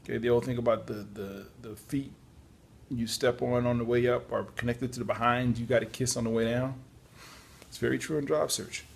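A man's voice: mid-range voice, steady tone, a little fast, gravelly, husky. A tired man giving casual, chatty job-search advice, yawning at times and adding apologetic asides. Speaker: podcast host on job search. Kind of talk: casual spoken advice talk.

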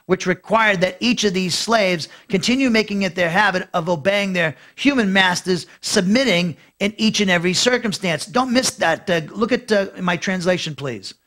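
Middle-aged guy preaching through a bible passage, kinda high voice, lots of uh and restarts. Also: moderate pace, hardly any pauses, a bit bright. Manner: conversational with frequent fillers and restarts. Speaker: pastor. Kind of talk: verse-by-verse Bible teaching.

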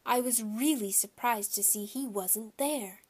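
A woman's voice: fairly high pitch, measured pace, breathy edge. Woman reading a children's book aloud. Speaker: audiobook reader.

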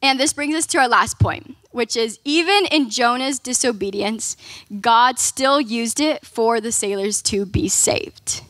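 A woman's voice: fairly high pitch, a little slow, a bit bright, no echo. A young woman giving a casual, conversational youth sermon, often saying "like" and "right?". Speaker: youth ministry speaker.

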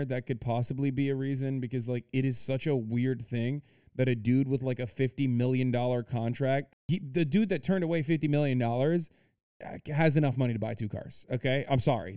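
Male streamer, profane and incredulous rant, warm smooth tone, dry close sound. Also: mid-range voice, no echo. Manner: incredulous, swears a lot, rants. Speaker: streamer reacting to a video. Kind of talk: profane, animated commentary and article reading.

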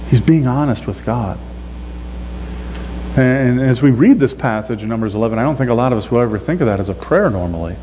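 A man delivers a sermon in a mellow, warm voice, speaking like he is chatting with his congregation and lifting his pitch when he acts out the lines he quotes. His voice rings through a church hall with a long echo, over a faint electrical hum. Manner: conversational preaching, acting out quoted prayers in a raised voice. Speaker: pastor.

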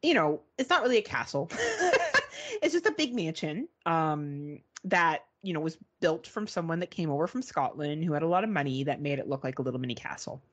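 A woman co-hosting a podcast, telling a story in casual chat, animated and swearing, mimicking beeps. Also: low voice, brisk. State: arm in a sling. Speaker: podcast co-host.

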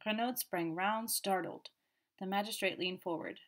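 Woman reading a novel aloud, lower voice, calm and even. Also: normal speed. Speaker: audiobook narrator. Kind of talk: audiobook narration.

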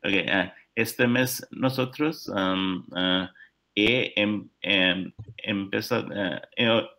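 A man practices sentences slowly and haltingly over a video call, pausing often. His voice is low yet sharp and forceful in tone. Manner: halting, many fillers and restarts. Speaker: language student. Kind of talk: hesitant practice speaking.

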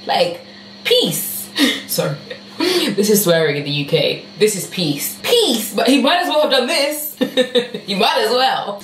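A young woman vlogging at home in a casual, confiding chat that jumps between excitement and venting and repeats phrases for emphasis. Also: fairly low pitch, recorded from a distance. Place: at home, indoors. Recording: echoey room with faint background hum.

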